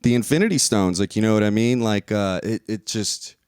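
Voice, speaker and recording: Brief: young guy, lowish voice, loose cursing ramble, dry close sound. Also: brisk, darkish tone, clean tone, no room sound. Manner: rambling, profane, laughing often. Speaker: video reviewer. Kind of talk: casual spoken review.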